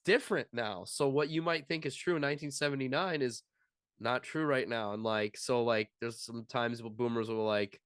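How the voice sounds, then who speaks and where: A man's voice: mid-range voice, moderate pace, fairly bright tone, clear, resonant tone, no echo, clean studio sound. A man co-hosting a comedy podcast, from Chicago, chatting casually and joking around in silly put-on accents. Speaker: podcast co-host.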